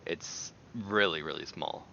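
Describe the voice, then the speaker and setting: A man rambling and exclaiming in a casual, animated way as he chats on camera. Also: very deep voice, measured pace, gravelly, muffled recording, slight background noise. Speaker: video creator. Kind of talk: casual chat while taste-testing.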